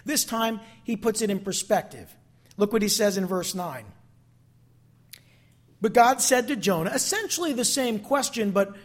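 Male preacher, high register, questioning and dramatic sermon delivery. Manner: rhetorical questions to the congregation, dramatic acted quotes.

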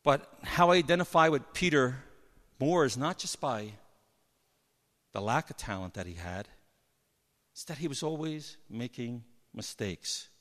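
A man preaching a sermon, telling Bible stories with lively energy and acting out the people in them. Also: medium pitch, a little slow, long pauses. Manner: animated storytelling, acts out Bible figures. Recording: long hall reverb.

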